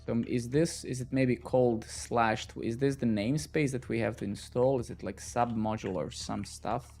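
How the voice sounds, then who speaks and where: A man's voice: mid-range voice, steady tone, normal speed, gravelly, darkish tone, faint music behind. A man live coding on a stream, thinking aloud as he works and swearing at the code when it breaks. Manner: muttering to himself, swearing in frustration.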